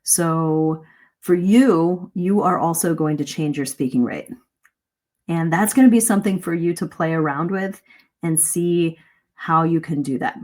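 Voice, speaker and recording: Woman, lowish voice, English speaking coach, live online lesson, lively and demonstrative. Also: unhurried. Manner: lively, demonstrates pace and emphasis, asks listeners questions.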